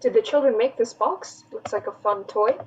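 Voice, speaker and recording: A woman's voice: on the high side, moderate pace, muffled recording, soft background music. A woman playing at a tabletop game, asking curious questions. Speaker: player. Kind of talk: tabletop role-play chat.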